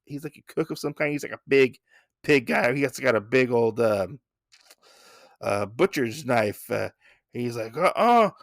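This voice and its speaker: A man's voice: mid-range voice, a little slow, creaky, no echo, studio quality. A man hosting a podcast, recapping a comic in a rambling, casual way, swearing now and then. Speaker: podcast host.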